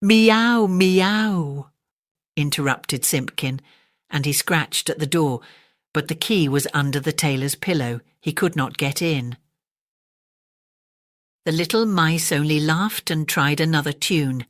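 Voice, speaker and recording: A woman with an English accent reading a classic children's story aloud, gentle and expressive. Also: low voice, a little slow, no room sound, clean studio sound. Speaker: audiobook narrator.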